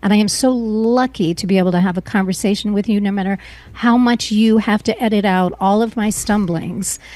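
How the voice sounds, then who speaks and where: A middle-aged woman as an interview guest, speaking earnestly and emotionally, often pausing and restarting her sentences. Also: medium pitch, warm tone, dry recording. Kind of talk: personal interview.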